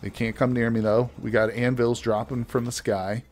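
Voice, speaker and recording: A man's voice: mid-range voice, level tone, moderate pace, darkish tone. A man giving casual, chatty gameplay commentary as a let's play host, joking with his viewers as he plays.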